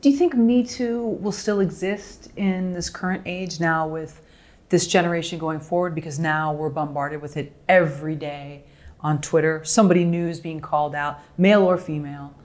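A woman's voice: sits low, normal speed, a little mellow. A woman interviewing a guest, asking short, curious follow-up questions. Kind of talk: interview conversation.

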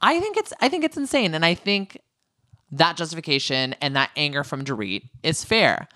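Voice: medium pitch, big pitch swings, normal speed, sharp tone, no room sound, clean studio sound. A podcast co-host chatting casually and opinionatedly in a reality-TV recap, with jokey asides.

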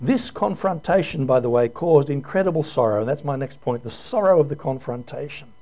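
A man's voice: medium pitch, expressive, fairly quick, warm tone. A male pastor giving an earnest, emotional sermon full of rhetorical questions.

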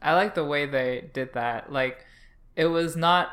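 Bright, laughing podcast co-host. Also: mid-range voice, a little slow. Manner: laughs often, playful, acts out characters' lines. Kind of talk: casual chat.

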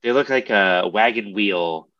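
A man's voice: lowish voice, a little slow, fairly bright tone, dull audio. A man in casual chat, speaking in an easygoing way as he reviews snacks. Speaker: podcast co-host.

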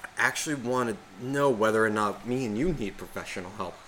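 A man's voice: fairly low pitch, brisk, fairly bright tone, slight background noise. A man co-hosting a podcast, rambling and swearing constantly as he rants in casual chat. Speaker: podcast co-host.

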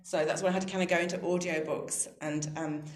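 A woman in her thirties, a guest in an interview, telling personal faith stories in a thoughtful, soft-spoken way and laughing readily at herself. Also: fairly low pitch, fairly even intonation, fast talker. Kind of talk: reflective personal storytelling on faith. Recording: roomy echoey sound.

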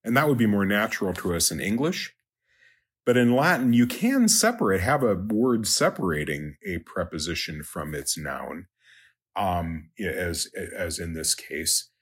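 Man, Latin teacher, husky, slow, halting, lots of fillers. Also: sits low, very animated. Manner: slow, halting, many ums and uhs. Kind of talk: recorded lecture walking through exercises.

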